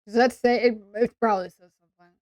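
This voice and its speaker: A woman's voice: fairly high pitch, steady tone, a little mellow, dry recording. A woman with an English accent, chatting sarcastically and playfully on a role-play stream. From England. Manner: sarcastic and playful, quick asides.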